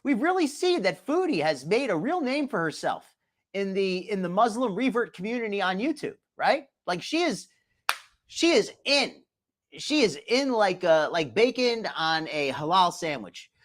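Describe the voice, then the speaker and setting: A man's voice: high voice, big pitch swings, moderate pace, fairly bright tone. A man hosting a live stream, chatting casually, greeting viewers from the chat and adding sarcastic asides. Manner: chatty, reads chat names aloud, frequent restarts and sarcastic asides. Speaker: live stream commentary host.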